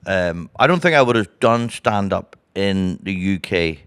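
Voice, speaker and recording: A man's voice: sits low, measured pace, smooth, dry recording. A man with a Northern Irish accent, a guest comedian telling stories in a casual interview and acting out other people's voices. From Northern Ireland. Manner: animated storyteller who acts out other people's voices.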